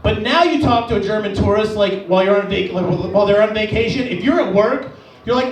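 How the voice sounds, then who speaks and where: Profane high-voiced man doing stand-up. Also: a little fast. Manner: profane, animated, jumps into high-pitched impressions. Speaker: stand-up comedian. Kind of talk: stand-up set. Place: comedy club stage. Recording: echoey club from a distance.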